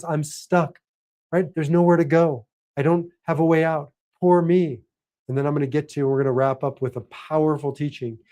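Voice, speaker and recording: A man's voice: fairly high pitch, warm tone. A middle-aged man giving a motivational talk as a coach for men, earnest and preacherly, leaning on emphatic repetition. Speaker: host and life coach for men.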